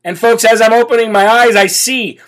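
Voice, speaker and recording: A man's voice: very high-pitched, level tone, normal speed. An American man hosting a political talk show, reading donor messages aloud and leading prayer in a brash, bold way. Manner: laughs and chants loudly.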